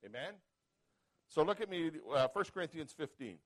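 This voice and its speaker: Emphatic pastor preaching, calling "Amen?". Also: male voice, a little high, big pitch swings, normal speed, poor audio. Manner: calls out "Amen?" to the congregation; swings between quiet asides and loud emphatic reading. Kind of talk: sermon.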